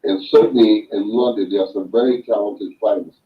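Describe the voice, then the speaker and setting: A man talking as a boxing guest in a casual chat, making his points slowly and emphatically with homespun sayings. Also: on the low side, fairly even intonation, muffled recording. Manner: slow emphatic explaining, makes points with sayings.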